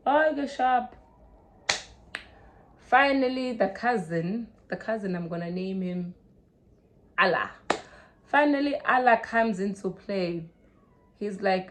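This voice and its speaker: A young South African woman telling a story in a casual, animated way, mixing Zulu into English and swinging from loud to hushed. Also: medium pitch, slow, pauses often, slight background noise. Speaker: vlogger.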